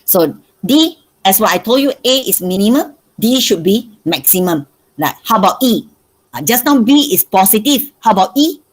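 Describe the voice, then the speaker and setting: A woman's voice: medium pitch, big pitch swings, moderate pace, poor audio. A woman maths teacher with a Malaysian accent, giving an online revision lesson and repeating her questions to coax answers from students. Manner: coaxing, asks questions over and over.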